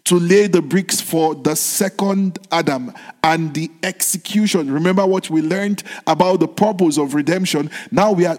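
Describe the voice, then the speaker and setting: A man's voice: sits high, a little mellow. A male pastor preaching a sermon, telling a story and asking the congregation rhetorical questions. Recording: long hall reverb.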